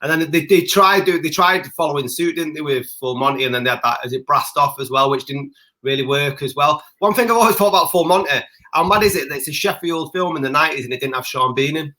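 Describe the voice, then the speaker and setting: A man's voice: on the high side, fast, pushed and bright. A man co-hosting a podcast, chatting casually and bantering with frequent laughs. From Britain. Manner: jokey banter, laughs often. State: parent. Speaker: podcast co-host. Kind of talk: casual chat.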